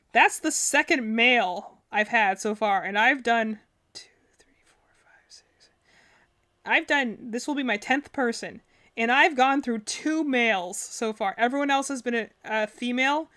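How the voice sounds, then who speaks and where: Gamer girl streaming, kinda high voice, rambly and chatty, lots of likes and ums. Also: fairly bright tone. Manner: chatty, rambling, many fillers and self-corrections. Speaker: streamer reacting to game trailers. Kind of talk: casual live-stream commentary.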